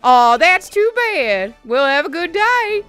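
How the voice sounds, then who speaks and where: Cheerful park mascot, woman streamer putting it on; high, bouncy, odd accent. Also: very animated, takes it slowly, a bit bright, faint music behind, heavily acted. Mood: chirpy. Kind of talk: reading game dialogue aloud.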